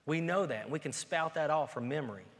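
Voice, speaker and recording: A man delivers a sermon in a church, mixing relaxed conversational asides with rising, forceful declarations. His voice sits at an ordinary middle pitch. A long reverb from the hall trails each phrase. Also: quick pace. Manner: conversational preaching that builds to loud, emphatic peaks. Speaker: pastor.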